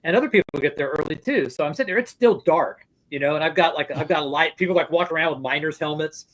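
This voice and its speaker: A man's voice: fairly high pitch, fast, fairly bright tone, poor audio. A male host telling stories in casual chat, rambling with frequent restarts and swearing freely.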